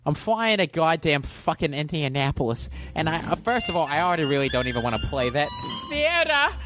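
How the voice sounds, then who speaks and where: A man's voice: fairly high pitch, big pitch swings, fairly quick, soft background music. A man doing an impression of an angry middle-aged male comedian who rants and curses every few words. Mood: ranting. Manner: loud profane ranting, cursing every few words. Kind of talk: comic impression.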